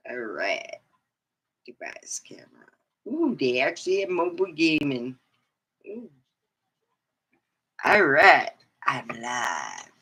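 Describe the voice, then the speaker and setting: Woman livestreamer, middle-aged, slow and rambling, bright forceful tone, lowish voice. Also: breathy edge, low-quality recording. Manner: rambling and animated, with sudden high whoops. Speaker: livestreamer and comedy chat host. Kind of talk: casual rambling livestream chat.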